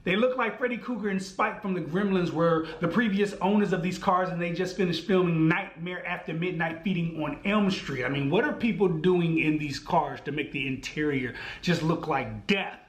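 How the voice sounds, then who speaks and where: A man with a high voice tells a comic story on his podcast. He talks in an animated way, full of slang and voiced asides, and his voice echoes around the room. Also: moderate pace, few pauses. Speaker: podcast host. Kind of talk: storytelling monologue.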